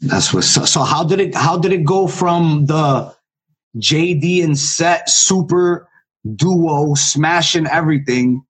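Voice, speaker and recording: A man's voice: on the high side, slow, breathy edge. A man hosting a casual podcast interview, asking short questions and prompting his guest along. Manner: brief prompts and backchannel. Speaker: podcast host.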